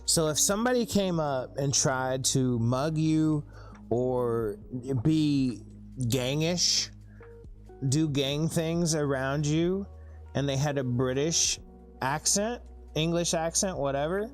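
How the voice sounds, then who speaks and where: A man's voice: fairly high pitch, slow, soft background music. A man with a thick Southern US accent chatting casually with viewers on a live stream, laid-back and rambling.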